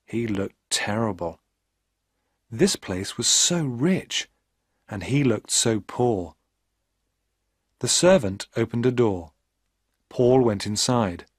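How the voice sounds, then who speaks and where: Man reading an easy english story, slow and clear, lots of ups and downs. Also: mid-range voice, lively intonation, dry recording, studio quality. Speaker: narrator. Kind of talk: scripted narration of a graded reader.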